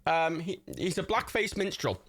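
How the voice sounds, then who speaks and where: A man's voice: moderate pace, a bit bright, slight background noise. A man hosting a livestream, chatting casually with viewers into a microphone while they watch a movie together. He swears freely and breaks into frequent laughter. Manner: swears freely, laughs often, wildly swinging pitch. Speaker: livestream host.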